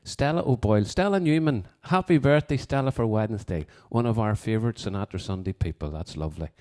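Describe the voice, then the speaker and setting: Hosting a live music show from his home piano room, a man with a lowish, darkish voice speaks briskly with lively intonation. He chats loosely between songs, wandering off topic as he reads listener requests and birthday greetings.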